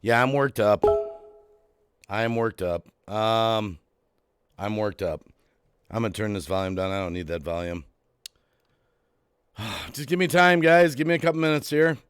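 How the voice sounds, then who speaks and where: A man's voice: unhurried, pauses often, clear, resonant tone, no echo, clean studio sound. Worked-up man ranting on a live stream. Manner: worked up, repeats phrases, swings from low to loud. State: agitated, heart racing. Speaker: YouTube channel host. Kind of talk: emotional live-stream rant.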